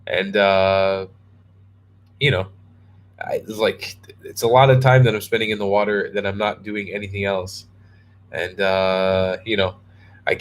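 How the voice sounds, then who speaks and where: A man's voice: on the low side, slight background noise. Tired young man rambling on a livestream. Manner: rambling, restarts a lot, reads viewer comments aloud. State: tired and yawning. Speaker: travel vlogger answering live chat. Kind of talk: casual live-stream chat.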